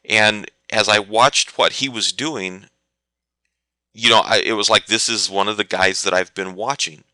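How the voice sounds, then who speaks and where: A lowish male voice with a very bright, forceful edge explains trading setups, answering viewer questions between anecdotes. The sound is dry and close, with no room around it. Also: steady tone, a little slow, no room sound. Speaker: trading educator. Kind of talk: live webinar teaching.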